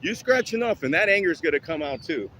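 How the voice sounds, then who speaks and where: With a slightly high, bright voice, lively intonation, and a quick pace, a fitness vlogger curses his way through a heated, preachy rant. He is winded between exercises during his outdoor workout, with traffic all around.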